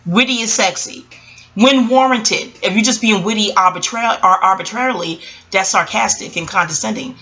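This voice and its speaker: A woman giving a casual, rambling recap of a TV show. She is profane, animated and keeps digressing. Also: medium pitch, moderate pace, low-quality recording. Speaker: YouTube TV reviewer.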